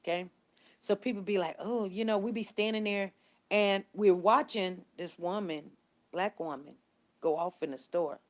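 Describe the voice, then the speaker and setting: Speaking at a measured pace in a lowish voice, a woman hosts a casual live stream. She shares stories with her audience and replies to their comments, animated and conversational, often restating what she's said.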